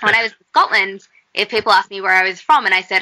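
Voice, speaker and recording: A woman's voice: mid-range voice, fairly even intonation, fast talker, sharp tone, rough recording. A woman guest in an interview, speaking in an earnest, reflective way with fillers. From Australia. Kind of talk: conversational interview.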